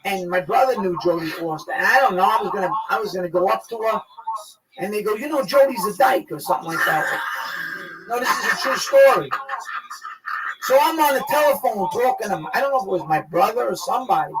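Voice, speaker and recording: A man with a New York accent telling a profane story as a guest, loud and excitable, acting out the quotes. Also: high-pitched, brisk. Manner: loud, excitable, swears a lot, acts out quotes. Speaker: guest actor. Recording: distant mic, noisy crowd behind.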